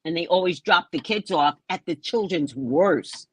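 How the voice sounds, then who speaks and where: A woman's voice: lowish voice, measured pace, hardly any pauses, slight background noise. An older woman hosting a show, telling a story in a casual monologue and acting out the voices of the people in it, swearing freely. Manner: animated, acts out voices in quotes, swears. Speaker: host.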